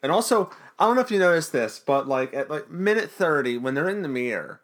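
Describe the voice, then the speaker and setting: A man's voice: on the high side, expressive, a little fast, a bit bright. A man co-hosting a podcast, casually recapping a TV episode in a jokey, rambling way. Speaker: podcast co-host.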